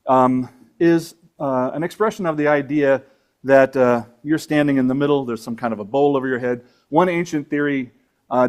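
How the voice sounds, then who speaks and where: A man's voice: medium pitch, a little mellow. Man, astronomy teacher, club talk, conversational, rambling, fillers. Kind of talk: lecture to an audience. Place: meeting room with audience.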